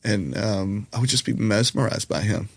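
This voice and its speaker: A man's voice: fairly low pitch, moderate pace, gravelly, breathy edge, no room sound. A man with a Southern US accent, a comedian and musician, telling rambling, self-deprecating stories with lots of fillers in casual chat. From Colorado. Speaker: podcast guest, comedian and musician.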